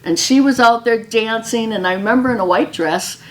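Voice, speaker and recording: A woman's voice: on the high side, moderate pace. Chatty older woman from Wisconsin. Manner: warm, chatty, laughs often. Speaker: storyteller. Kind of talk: casual storytelling to an audience.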